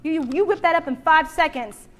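A woman's voice: high voice, moderate pace. A woman preaching to a women's church gathering, joking and acting out little voices as she goes. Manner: animated, jokey, acts out voices. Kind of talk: sermon.

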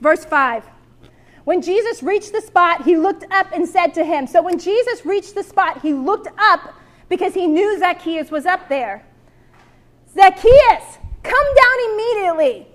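A woman's voice: very high-pitched, unhurried. A woman preaching to a women's church gathering, joking and acting out little voices as she goes. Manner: animated, jokey, acts out voices. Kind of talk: sermon.

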